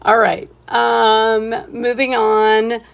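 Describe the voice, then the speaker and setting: Woman painting instructor, live tutorial, gravelly, slow and easygoing. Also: a little high, completely flat delivery. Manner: laid-back and chuckling, thinks aloud.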